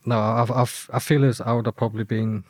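A man from England recounting a traumatic past slowly and hesitantly, with many restarts. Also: mid-range voice, level tone, darkish tone, no room sound. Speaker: guest who was kidnapped. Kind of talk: reflective personal account.

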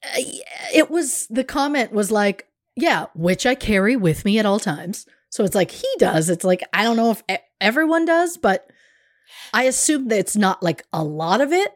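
A woman's voice: medium pitch, sing-song, dry recording. Candid woman podcast co-host, dry sound. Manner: candid, halting restarts, wry. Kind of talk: casual true-crime chat.

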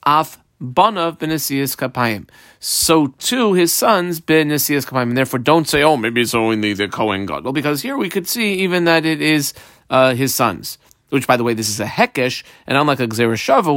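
A man leads a Talmud study lesson, his pitch rising and falling widely as he sing-songs the text. He slows on each phrase, then rushes through a chatty English explanation. The recording is close and dry. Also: animated, fairly bright tone, dry recording. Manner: reads Aramaic phrases slowly and sing-song, then translates quickly in English; conversational explaining with fillers. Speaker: Talmud teacher.

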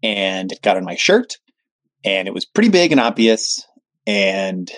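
A man, a workshop facilitator, telling a casual funny story with many filler pauses. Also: low-pitched, very animated, dry recording. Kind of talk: casual anecdote.

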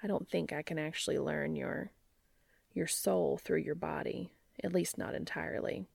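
A woman reading an audiobook and voicing a shy, emotional young man in a low, breathy voice. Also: normal speed, a little mellow, no room sound, studio quality, full character voice. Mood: tender.

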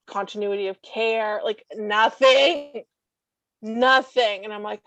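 A woman guest talking casually about life with her service dog, blunt and sarcastic with quick asides. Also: mid-range voice, fairly bright tone, no echo, rough recording. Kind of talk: casual chat.

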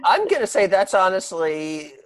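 A woman with a New York accent, co-hosting a casual movie discussion and talking in an animated way that includes swearing. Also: medium pitch, normal speed, rough recording. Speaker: podcast co-host.

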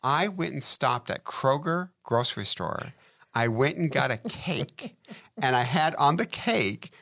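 A man co-hosting a podcast, telling lively stories in casual conversation and acting out the voices of people he quotes. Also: medium pitch, unhurried, gravelly, dry recording, studio quality. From Detroit, USA. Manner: animated storyteller, acts out quoted voices. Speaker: podcast co-host.

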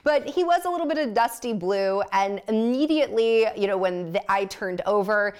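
A woman's voice: medium pitch, animated, normal speed, clear, resonant tone. A woman guest on a podcast telling a personal story candidly, blunt and self-mocking, often laughing.

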